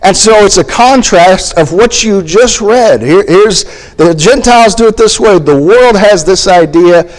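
Halting preacher in a reverberant hall. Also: male voice, high-pitched, expressive. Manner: halting, restarts phrases, reads scripture aloud. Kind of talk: sermon.

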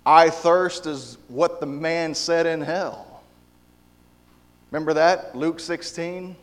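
Male preacher, fairly high voice, emphatic and repetitive, long hall reverb. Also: takes it slowly. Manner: emphatic, repetitive, with frequent restarts. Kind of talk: sermon.

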